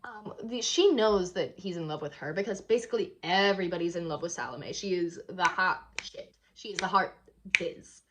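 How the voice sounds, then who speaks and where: A woman's voice: lowish voice, normal speed, fairly bright tone, a little hiss or hum. A woman vlogger casually retelling a play in a hotel room, chatty and rambling with lots of fillers.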